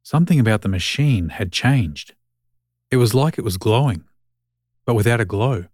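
A man reading a short story aloud in scripted narration, with an even, wry storytelling manner. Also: mid-range voice, moderate pace, no room sound, clean studio sound.

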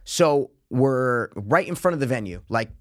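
A man telling a story in casual chat, profane and animated, loudly acting out what people said. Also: mid-range voice, a little slow, dry recording, clean studio sound. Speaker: podcast co-host telling a story.

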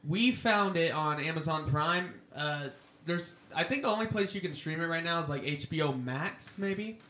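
A man's voice: on the high side, animated, moderate pace, sharp tone, roomy sound. A man co-hosting a podcast, chatting casually and laughing often while commenting on a movie. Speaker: podcast co-host.

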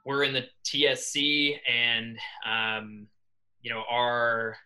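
A young New Yorker who works as an assistant swim coach tells a story as a guest on a casual podcast, animatedly acting out the dialogue. His mid-range voice moves slowly, and the podcast mic recording sounds rough.

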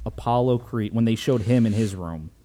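A man casually recapping a movie as a podcast host, animated, joking and profane. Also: lowish voice, moderate pace. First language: Italian heritage, speaks English.

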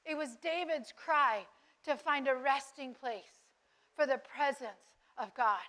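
A woman's voice: high-pitched, takes it slowly, bright, forceful tone. A woman giving earnest devotional Bible teaching, asking listeners rhetorical questions.

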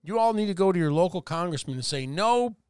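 A man co-hosting a podcast, profane and animated, swearing through crude banter. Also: high voice, very fast, clear, resonant tone, no echo, clean studio sound. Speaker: podcast co-host.

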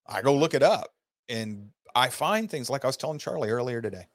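A teacher hosting an online class gives an earnest, unscripted lecture that rambles and is punctuated by heated rhetorical questions. His medium-pitched voice is animated and brisk, recorded with no echo.

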